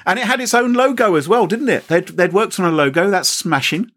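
A man's voice: high-pitched, a little fast, fairly bright tone. A man co-hosting a casual chat, jokey and exclamatory. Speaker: podcast co-host.

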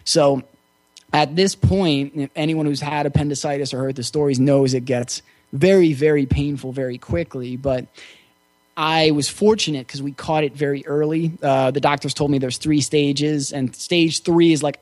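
A man as an interview guest, telling a personal story in a relaxed, reflective way with frequent fillers. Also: fairly high pitch, moderate pace, no room sound. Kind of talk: casual storytelling.

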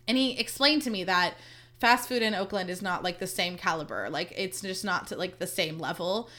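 Bright, mock-dramatic woman podcast host. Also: fairly low pitch, normal speed. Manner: gushing, mock-dramatic, chatty with many "like"s. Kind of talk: casual solo chat.

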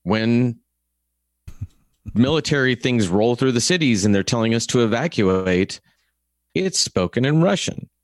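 A man with a Texan accent co-hosting a review podcast, talking in an animated, opinionated way and acting out little quotes. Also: mid-range voice, a little slow, pauses often, no room sound, clean studio sound. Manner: animated, rants with acted quotes. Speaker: podcast co-host. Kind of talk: casual review chat.

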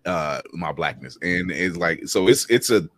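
A man's voice: deep voice, animated, measured pace, a bit bright. A man in his thirties talking bluntly and emphatically on a panel discussion, swearing freely as he tells his own stories.

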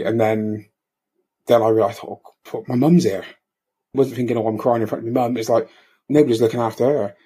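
Bereaved father, middle-aged, husky flat low voice, halting retelling. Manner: halting, many restarts, soft-spoken. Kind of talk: personal storytelling, emotional recollection.

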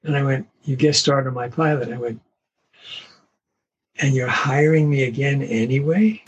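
Breathy older man telling stories. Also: mid-range voice, normal speed, muffled recording. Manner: animated anecdotes, acts out quoted voices. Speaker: voice actor guest. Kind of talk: storytelling interview.

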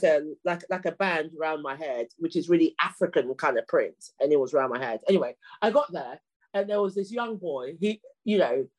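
A middle-aged woman, a guest on a podcast, telling stories in a relaxed, humorous and animated way, often repeating words as she starts a sentence. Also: medium pitch. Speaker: guest, clean air campaigner. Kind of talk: casual storytelling in conversation.

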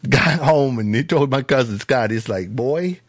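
A man's voice: mid-range voice, normal speed, no room sound. A man from Michigan hosting a podcast, telling a story in a rambling, casual way full of "uh" and "you know". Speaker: podcast host.

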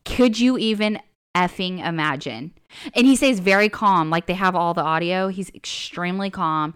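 Woman, podcast co-host, casual chat, smooth clear voice, animated storytelling. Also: mid-range voice, normal speed. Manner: animated storyteller, acts out quotes, laughs often.

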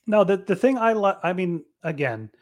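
A man in his thirties with a fairly high-pitched voice co-hosts a podcast. He chats in a playful, enthusiastic way and teases his co-host. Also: very animated, normal speed, a little mellow. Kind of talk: casual chat.

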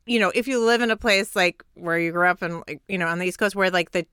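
A woman in her thirties hosting an interview, chatty and animated, saying "like" a lot. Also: on the low side, fast talker, clean tone, dry recording, clean studio sound. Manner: chatty, heavy use of "like", animated storytelling. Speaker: podcast host. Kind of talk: casual interview chat.

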